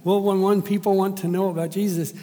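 A man voicing an earnest, puzzled woman convert in a story told from the pulpit, speaking high above his own voice. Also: level tone, fairly quick, warm tone, long reverb tail, close to an everyday voice. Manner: sincere, puzzled questioning.

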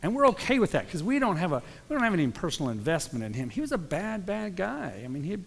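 A man giving a sermon in a relaxed, conversational way, breaking into quoted voices as he tells the story. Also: high voice, fast, creaky, husky. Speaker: pastor. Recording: long hall reverb.

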